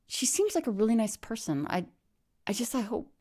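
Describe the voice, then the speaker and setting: A woman's voice: on the high side, big pitch swings, normal speed, warm tone. A woman telling a comic story in a dry, mock-stern, theatrical manner. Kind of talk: deadpan comedic monologue.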